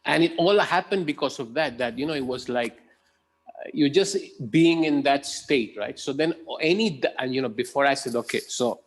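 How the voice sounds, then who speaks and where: A man's voice: mid-range voice, moderate pace. A man co-hosting a casual podcast conversation, talking loosely and ending his phrases with "right?". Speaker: podcast co-host.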